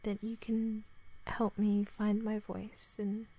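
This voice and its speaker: A woman in her twenties with an Australian accent, in a whispered role-play, talking softly to the listener, rambling and apologizing. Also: medium pitch, completely flat delivery, slow. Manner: soft-spoken, rambling, apologetic.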